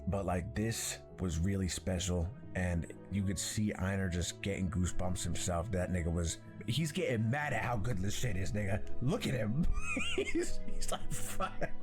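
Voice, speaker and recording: Deep-voiced man in slangy anime reaction. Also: normal speed, few pauses, over music. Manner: animated, slangy, profane, laughs often. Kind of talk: casual reaction commentary.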